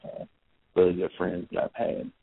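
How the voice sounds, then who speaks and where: Low gravelly man telling jokes. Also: steady tone, measured pace, no room sound. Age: 30s. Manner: rambling, with fillers and self-corrections. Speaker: podcast host. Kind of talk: casual storytelling monologue. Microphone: phone. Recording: tinny phone-like, dry.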